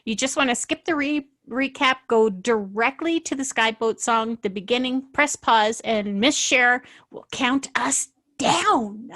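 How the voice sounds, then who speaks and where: A woman's voice: a little high, a little slow, few pauses, a bit bright, no room sound. A woman from the Maritimes co-hosting a podcast in casual chat, playful and teasing, laughing often. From Canadian Maritimes. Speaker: podcast co-host.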